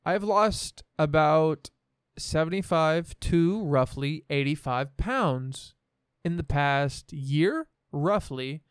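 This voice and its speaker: A young Midwestern man hosts a podcast, rambling through a story with profanity and self-assurance. His voice is a little high, expressive and smooth, and he takes his time. The recording is dry and studio quality.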